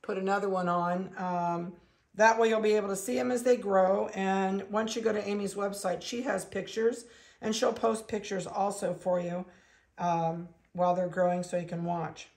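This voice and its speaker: A woman breeder narrating a casual video, chatting along and cooing softly to the animals she handles. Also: medium pitch, fairly even intonation, normal speed, gravelly. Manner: chatty, coos softly to puppies. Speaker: dog breeder.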